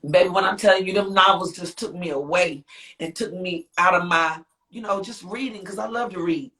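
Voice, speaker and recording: A woman with a lowish, fairly bright voice speaks fairly quickly as a guest in a live interview. She's a singer and author, and her heartfelt, rambling talk in this emotional livestream conversation is full of repetition and exclamations.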